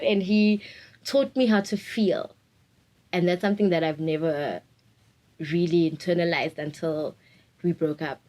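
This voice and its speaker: A woman's voice: lowish voice, measured pace, darkish tone, low-quality recording. Laughing young woman. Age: 20s. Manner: open, reflective, laughs often. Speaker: interviewee. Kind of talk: candid personal interview.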